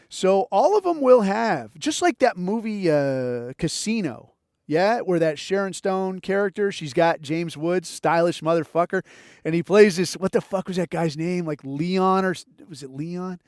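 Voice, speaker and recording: A man's voice: sits high, lively intonation, measured pace, a little mellow, no room sound, studio quality. A middle-aged man hosting a podcast, telling rambling, profane stories and swearing constantly. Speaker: podcast host. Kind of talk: casual storytelling monologue.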